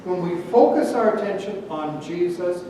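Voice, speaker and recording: High-ish male pastor, chatty storytelling sermon, far from the mic, lots of echo, a little noise behind. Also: animated, normal speed, warm tone. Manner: conversational, storytelling with light humor. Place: church sanctuary. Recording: echoey church hall from afar.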